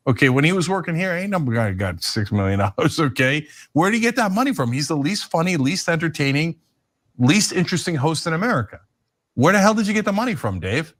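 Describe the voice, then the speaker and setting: Male co-host, animated and sarcastic, wide pitch range. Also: brisk. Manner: animated, sarcastic, laughs while talking. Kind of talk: casual political commentary.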